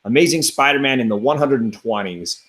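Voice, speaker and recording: A man's voice: medium pitch, lively intonation, fairly quick, a bit bright. Eager, rambling man host. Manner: enthusiastic, rambling, frequent restarts. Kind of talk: casual chat.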